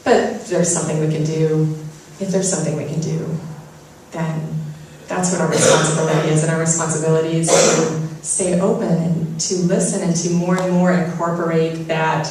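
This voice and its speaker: A woman with a low, somewhat mellow voice gives a spiritual, inspirational talk to an audience, drawing on self-deprecating personal stories. She is recorded from a distance in a strongly echoing room with slight background noise.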